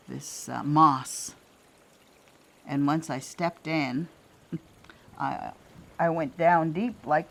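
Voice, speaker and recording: Slow gravelly older woman storyteller. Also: deep voice, a little hiss or hum. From Canada. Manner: gentle and reflective, pausing often, with soft laughter. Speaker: elder sharing traditional teachings. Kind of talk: personal storytelling.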